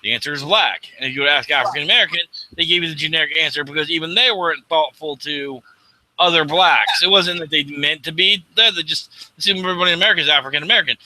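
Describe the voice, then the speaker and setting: A man talks bluntly on a casual radio show, swearing as he goes. His voice is a little high and very bright. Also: fast, a little hiss or hum, rough recording. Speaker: podcast co-host. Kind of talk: casual chat.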